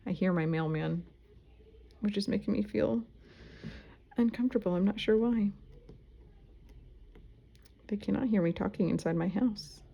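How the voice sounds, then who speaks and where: A woman's voice: medium pitch, normal speed, creaky, pauses often, warm tone, slightly rough. A woman, teaching embroidery at home in a chatty, self-deprecating way. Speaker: embroidery instructor. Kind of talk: casual tutorial talk while stitching. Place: at home, indoors.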